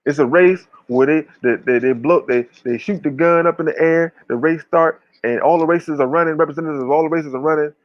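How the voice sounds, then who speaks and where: A man's voice: a little high, fairly quick, hardly any pauses, no echo, muffled recording. A man talking casually but with fiery emphasis, preaching and swearing freely. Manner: emphatic, preachy, profane, uses slang. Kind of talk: impassioned casual talk.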